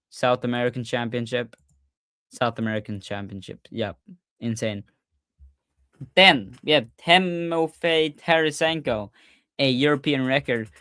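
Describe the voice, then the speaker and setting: Young male host, casual stream chat, excitable and stumbling, clear voice, dry close sound. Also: medium pitch, no room sound. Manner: excitable, stumbling, repeats "insane". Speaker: podcast host. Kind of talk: casual livestream recap.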